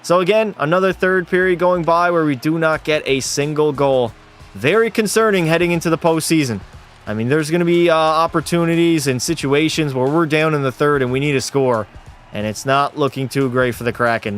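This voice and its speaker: A young man from Canada streams a hockey video game, his fairly high voice jumping between mock broadcaster calls and loose, profane chat banter. Faint game music sits behind his desk mic. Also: fairly quick. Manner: excitable, mock sportscaster calls mixed with casual swearing. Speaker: gaming streamer. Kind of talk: live play-by-play commentary and chat banter.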